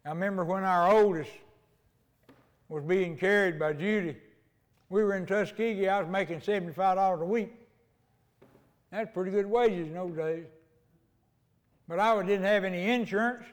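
Folksy older preacher, high voice. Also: male voice, normal speed, long pauses, big-room sound. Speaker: pastor. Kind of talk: sermon.

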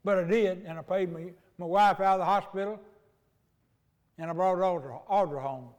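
Folksy older preacher, high voice. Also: male voice, moderate pace, darkish tone, long reverb tail. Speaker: pastor. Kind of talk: sermon.

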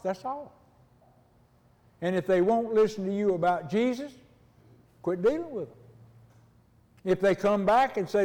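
Older preacher, echoing hall. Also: male voice, high-pitched, measured pace, long pauses, a little mellow. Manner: folksy, conversational, acts out dialogues. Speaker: pastor. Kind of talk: sermon. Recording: long hall reverb.

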